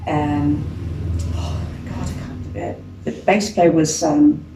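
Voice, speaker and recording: Her voice deep and unhurried, the older Birmingham singer recounts stories as an interview guest in a venue room. She's chatty and lively, laughing frequently and putting on other voices. A distant mic in the echoey room picks up background noise too.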